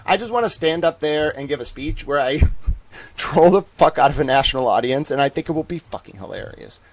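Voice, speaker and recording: Guy on a livestream going off, kinda high voice bouncing all over, swearing and fake-mad. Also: a little fast. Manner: excitable, profane, mock-outraged ranting. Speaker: live streamer. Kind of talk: live-stream commentary while reading online.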